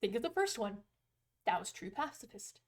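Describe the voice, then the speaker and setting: A woman's voice: medium pitch, sing-song, moderate pace. Emotional, exclaiming woman streaming a game. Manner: emotional, exclaiming, swears freely.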